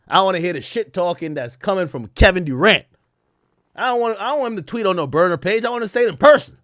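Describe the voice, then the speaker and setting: A man streaming a casual reaction, excitable and profane, full of slang. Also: high voice, fast talker, no room sound, clean studio sound.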